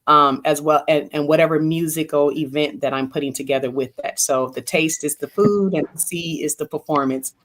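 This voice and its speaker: A woman guest on a radio show who talks casually about her events, with measured pacing and filler pauses. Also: deep voice, steady tone.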